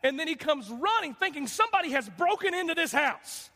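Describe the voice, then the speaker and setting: A man's voice: very high voice, big pitch swings, brisk, pushed and bright, shouting, in a large hall, some chatter behind. A man preaching a sermon as a guest pastor, chatty and joking, with many fillers and restarts. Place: church sanctuary.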